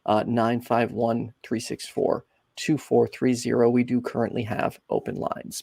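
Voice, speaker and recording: A man's voice: mid-range voice, steady tone, measured pace, creaky, hardly any pauses, darkish tone, slightly rough, no echo. A man co-hosting a call-in show, friendly and a little fumbling as he takes callers. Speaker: co-host.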